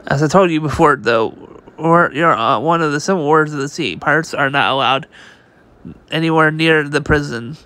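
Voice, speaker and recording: A man's voice: on the high side, moderate pace, bright, forceful tone. A man reading a comic aloud on his channel. His reading is casual and unpolished, with frequent restarts and read-out sound effects.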